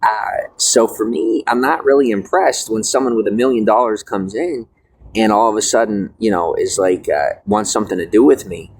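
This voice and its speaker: A fairly low-voiced young man rambles to his viewers, stopping and restarting with lots of fillers. He sounds preachy and defiant, and faint street noise runs under him. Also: moderate pace, poor audio.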